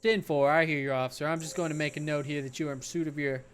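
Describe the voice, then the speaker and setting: A man's voice: a little high, fairly even intonation, very fast, a little hiss or hum, lightly acted. Old rattly radio dispatcher, a man doing it. Formal, clipped codes. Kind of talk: voicing game dialogue.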